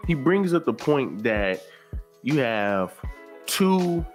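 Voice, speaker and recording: A man hosting a casual commentary video, talking in a relaxed, conversational way and repeating words for emphasis. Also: medium pitch, slow pace, soft background music. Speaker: YouTube commentary host.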